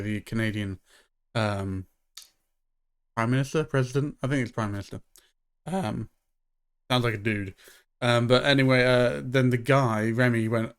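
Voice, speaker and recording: A man's voice: mid-range voice, smooth. Rambling man chatting on stream. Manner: rambling storyteller, many fillers and restarts. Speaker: live streamer. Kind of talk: casual live-stream chat.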